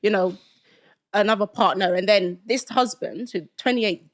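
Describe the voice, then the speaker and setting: A woman, a podcast guest telling a personal story in animated casual chat, often checking that her listeners follow her. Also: mid-range voice, normal speed. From London, England. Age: 30s. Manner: animated storytelling, keeps asking "do you get what I mean?".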